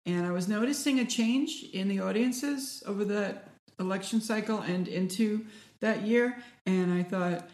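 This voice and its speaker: A woman's voice: medium pitch, measured pace, few pauses. A woman, a former stand-up comedian, chatting casually and laughing often as she tells stories. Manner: laughs often, animated storytelling. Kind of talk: casual chat. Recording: echoey room.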